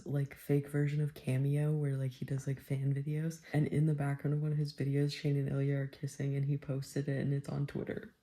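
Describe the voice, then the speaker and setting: A woman book vlogger reading a novel aloud and reacting excitedly, often dropping into a whisper. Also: deep voice.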